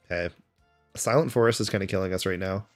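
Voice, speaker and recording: A man's voice: low voice, fast, faint music behind. Chatty Canadian man streaming. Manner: chatty, answers chat questions aloud between game moments. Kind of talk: casual live-stream chat.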